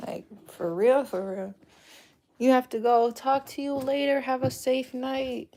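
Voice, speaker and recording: A woman's voice: high-pitched, steady tone, a little slow, mellow. A woman hosting a casual livestream chat from a dim room at home, talking frankly in a rambling way and swearing casually. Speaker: livestream host.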